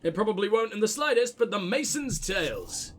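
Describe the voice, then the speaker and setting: A man hosting a gaming channel in casual let's-play commentary, crude and self-mocking, swinging between excited outbursts and low mock-sultry mumbling. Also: brisk, slight background noise.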